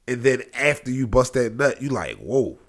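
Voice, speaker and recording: A man co-hosting a casual, crude chat, telling stories with loud outbursts and frequent laughter. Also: medium pitch, moderate pace. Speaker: podcast co-host.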